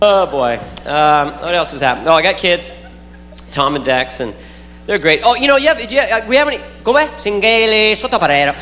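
A man's voice: on the high side, very animated, moderate pace, faint music behind. A man doing stand-up, playful, chatting with the audience and imitating his kids. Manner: playful, talks to the audience, does silly kid noises. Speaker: stand-up comedian. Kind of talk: stand-up with crowd work. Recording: live club, roomy echo, loud crowd.

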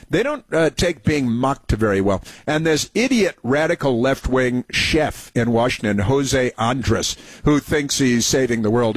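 A man's voice: mid-range voice, no room sound. A man hosting a political talk radio show, sarcastic and mocking, with many hesitant fillers.

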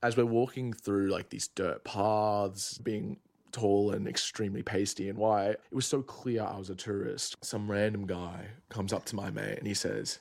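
A man in his twenties telling a personal travel story in a casual, vivid way with quick asides. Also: fairly low pitch, steady tone, creaky. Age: 20s. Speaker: student storyteller.

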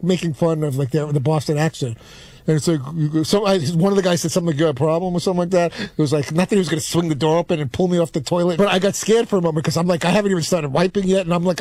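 A man from New York tells a story in a fast, rambling way, full of stops and restarts. His voice sits fairly high for a man and sounds close and dry. He is self-deprecating throughout. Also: darkish tone, dry recording. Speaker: show regular. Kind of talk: casual storytelling.

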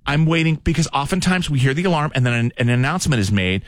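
A man hosting a casual radio chat and telling stories with animated energy. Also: a little high, no room sound. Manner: animated, quick storyteller. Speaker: radio host.

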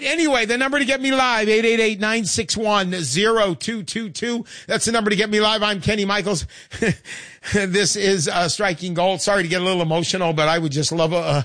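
A man's voice: high-pitched, brisk, no echo, studio quality. An older man hosting a call-in radio show, talking in a chatty, emphatic way and often repeating himself. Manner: animated, chatty, emphatic repetition.

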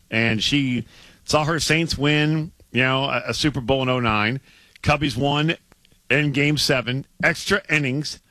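A male sports radio host, bright and forward in tone, with very dry, close studio sound. He talks in lively, emphatic banter and stumbles over repeated words when he gets worked up. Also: medium pitch, no echo. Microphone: studio mic.

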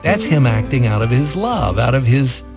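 A man's voice: medium pitch, big pitch swings, moderate pace. A man hosting a devotional talk, speaking earnestly and reflectively about scripture. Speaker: host. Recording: music bed under voice.

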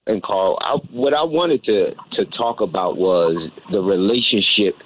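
A man's voice: lowish voice, measured pace. A man calling in to a radio show, hesitant and searching for his words. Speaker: caller. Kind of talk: call-in radio question. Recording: tinny phone line with faint hiss.

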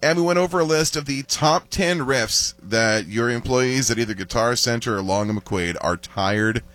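A man's voice: medium pitch, normal speed, fairly bright tone. A man hosting a radio show, chatting casually and running through announcements with plenty of filler words.

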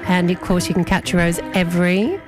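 A woman's voice: fairly low pitch, steady tone, normal speed, music in the background. A woman hosting community radio, chatting and reminiscing casually. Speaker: radio host.

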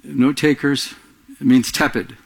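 A man preaching a sermon, animated, acting out quotes in a raised voice and often restarting his phrases. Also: medium pitch, unhurried, vocal fry. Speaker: pastor.

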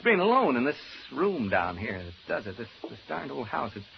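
An actor playing a lonely, nervous radio announcer alone in a haunted house, stammering and rambling in an old radio drama. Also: male voice, mid-range voice, big pitch swings, normal speed, gravelly, highs cut off, slight background noise. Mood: uneasy. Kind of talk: 1940s radio drama acting.

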